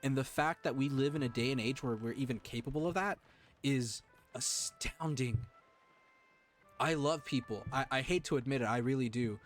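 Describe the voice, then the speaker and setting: A male streamer talks to his chat in an earnest, emotional way and stops often to restart his sentences. His pitch sits in the middle range. Soft music plays behind him. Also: brisk. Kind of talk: heartfelt live-stream talk to chat.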